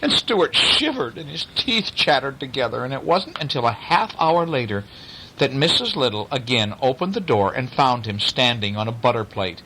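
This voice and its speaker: A man's voice: medium pitch, lively intonation, moderate pace, background noise. A man reading a bedtime story aloud to a child, with coaxing asides to the listener.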